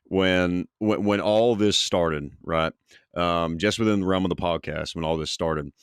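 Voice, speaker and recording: A man's voice: sits low, a little slow, clear, resonant tone, dry recording, studio quality. A man with a Southern US accent, a podcast guest chatting in a laid-back way. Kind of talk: casual podcast chat.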